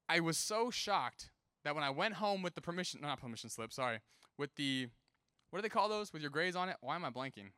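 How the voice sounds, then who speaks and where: Young male youth preacher, bright and lively storyteller, slightly higher voice, dry close sound. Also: clear, resonant tone, dry recording. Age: young adult. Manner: animated, casual, acts out quoted voices. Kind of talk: sermon with personal storytelling.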